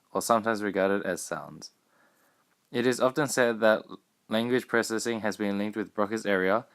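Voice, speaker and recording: Low-voiced young man reading a school report. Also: smooth. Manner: reads a prepared script steadily. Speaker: student presenter. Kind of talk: school project narration.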